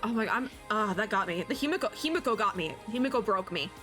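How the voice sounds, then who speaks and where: A woman giving casual, excitable reaction commentary as a VTuber, chatty and gushing. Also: medium pitch, fast. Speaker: VTuber reacting to an animated short. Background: faint music from the video.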